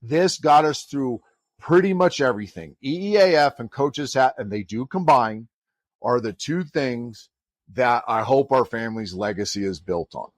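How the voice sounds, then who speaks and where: A man's voice: mid-range voice, moderate pace, no echo, clean studio sound. A middle-aged man, a college volleyball head coach, telling a story in a podcast conversation and acting out the people he quotes. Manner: animated storyteller who acts out quoted dialogue.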